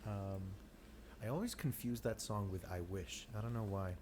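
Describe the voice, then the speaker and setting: A man's voice: fairly low pitch, normal speed, a crowd in the background. A man co-hosting a podcast, chatting casually, laughing often and filling with "like". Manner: laughs a lot, heavy use of "like". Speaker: podcast co-host. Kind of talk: casual chat. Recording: noisy background hiss.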